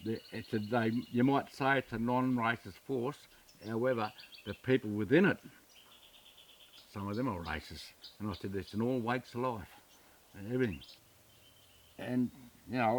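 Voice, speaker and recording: A man's voice: mid-range voice, recorded from a distance, slight background noise. A man in his seventies with an Australian accent, plainly telling his story in a documentary interview and acting out past arguments with reported speech. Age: 70s. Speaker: interviewee, community chair.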